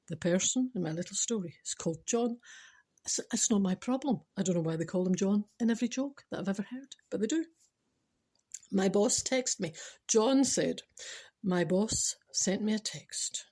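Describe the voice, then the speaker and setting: A woman's voice: mid-range voice, dark tone, slightly rough. An older woman with a Scottish accent hosting a podcast, rambling chattily through jokes without a script and laughing at her own punchlines. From Scotland. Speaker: podcast host. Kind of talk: unscripted joke-telling podcast.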